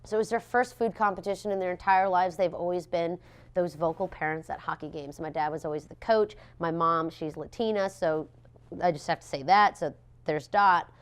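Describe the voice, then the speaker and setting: A young woman, a pastry chef, telling stories in a casual interview, animated and laughing often as she acts out what people said. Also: lowish voice, normal speed, clean tone.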